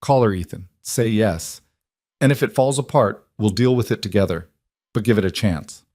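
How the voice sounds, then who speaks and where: A teasing but loving big sister urging her brother on, as a man voices her in a storybook. Her lines sit on a low-leaning voice that sounds close and dry. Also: normal speed, no room sound, lightly acted. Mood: encouraging. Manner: warm, encouraging and wry. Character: caring, teasing older sister.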